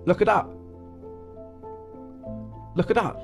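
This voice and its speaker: This young man's voice is high, gravelly and slow as he talks tearfully to fans on a live stream. He's emotional, cursing, repeating words and using mate and bro. Faint music can be heard behind him.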